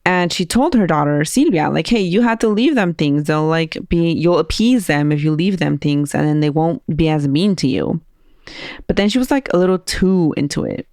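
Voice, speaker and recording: Animated woman telling spooky stories. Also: low-pitched, normal speed, no room sound, clean studio sound. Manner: animated, laughing, acts out quoted voices. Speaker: podcast host, storyteller. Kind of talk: casual storytelling chat.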